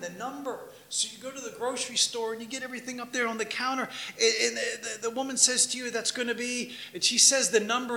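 Missionary guy from dc talking to a church, high voice with a bright edge, tells stories and acts out little back-and-forths, asks the crowd questions. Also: slight background noise. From Washington, D.C. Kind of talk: conversational church talk.

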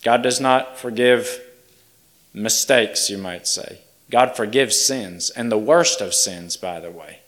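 A man preaching a slow, earnest communion sermon. His voice often drops to a hush. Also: on the low side. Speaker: pastor.

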